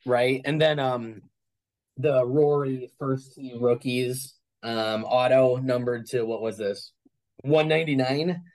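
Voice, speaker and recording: A man's voice: medium pitch, fairly even intonation, slow, darkish tone, poor audio. A man speaking as an interview guest about his collection, talking casually and rambling with many fillers and restarts.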